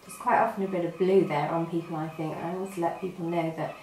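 A woman's voice: on the low side, steady tone, fast talker, a little mellow, a little hiss or hum. A woman with a British accent, the show's host, chatting and adding her own beauty tips. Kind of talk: casual chat. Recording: echoey room, mic a bit far.

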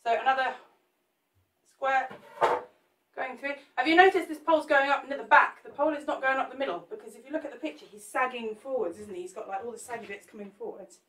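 Talking to viewers while she works, a woman jokes and chats through a live cake-sculpting demo. Her voice is high-pitched, fast, and fairly bright, picked up by a distant mic with roomy echo and slight background noise.

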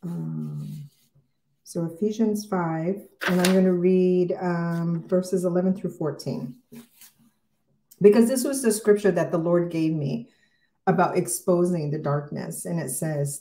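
A woman's voice: fairly low pitch, lively intonation, a little slow, dark tone, echoey room. A middle-aged woman hosting a casual morning devotional livestream, talking in an emotional, rambling way with many fillers.

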